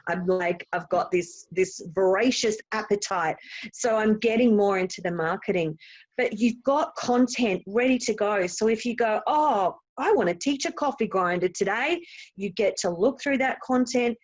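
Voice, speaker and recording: A woman's voice: medium pitch, moderate pace, a little mellow, poor audio. A woman from Australia, a guest in a podcast interview, explaining things in a bubbly way and laughing readily. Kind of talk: casual interview chat.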